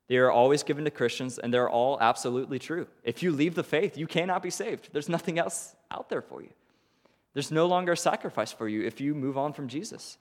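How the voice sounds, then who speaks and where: A man preaching a sermon as pastor, animated and questioning, with quick rhetorical asides. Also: a little high, long reverb tail.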